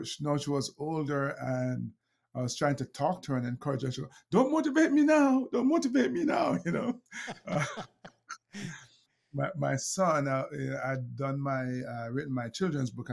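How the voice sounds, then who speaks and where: A man's voice: medium pitch, gravelly, slightly rough. A middle-aged man with a Jamaican accent, a guest telling anecdotes with frequent laughs, fillers and restarts. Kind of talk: storytelling conversation.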